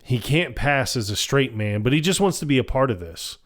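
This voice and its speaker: A man's voice: mid-range voice, brisk. A man co-hosting a podcast, retelling movie scenes in casual chat and acting out the characters' lines with bursts of laughter. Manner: animated retelling, acts out film quotes with laughs. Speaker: podcast co-host. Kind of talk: casual chat recapping a film.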